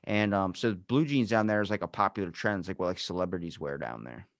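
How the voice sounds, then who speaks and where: A young man with a lowish voice tells loose, profane stories as a guest on a podcast. He sounds laid-back and unhurried. The recording is close and dry. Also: no echo. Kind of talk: casual chat.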